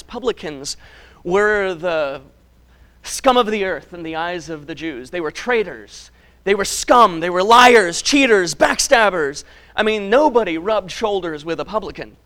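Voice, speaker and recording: A man's voice: high-pitched, a bit bright. A male preacher giving a sermon in an emphatic, conversational way, stacking words for emphasis and chuckling at himself.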